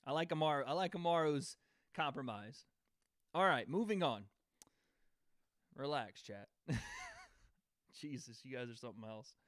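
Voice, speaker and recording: A man's voice: on the high side, wildly swooping pitch, normal speed, pauses often, a bit bright, dry recording, clean studio sound. A young man hosting a casual livestream, laughing and bantering with chat before giving fight predictions. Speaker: livestream host.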